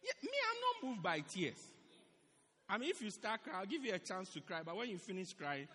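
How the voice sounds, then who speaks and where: A male pastor delivers an animated sermon in a church with a high, lively voice that rises and falls freely. He leans on repetition, saying key phrases again and again for emphasis. The sound carries a long church-hall reverb. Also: brisk, husky.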